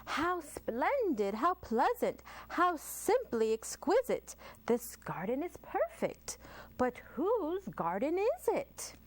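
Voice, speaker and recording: A woman's voice: high-pitched, wildly swooping pitch, slow, pitched above the performer's own voice, full character voice. A woman voicing a genteel lady who is enchanted by a garden, in a storybook reading. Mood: gushing. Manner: gushing. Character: delighted genteel lady out walking.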